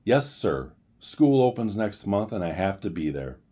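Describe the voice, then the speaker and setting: A man's voice: on the low side, big pitch swings, unhurried, mellow, pitched above the performer's own voice. A man reading aloud as a polite, earnest teenage boy in a storybook.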